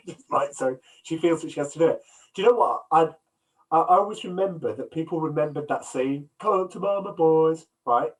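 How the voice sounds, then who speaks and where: A man's voice: a little high, a little fast. A man co-hosting a film podcast, casually retelling scenes and acting out quotes, on a video call. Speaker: podcast co-host. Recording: distant from the mic, headset.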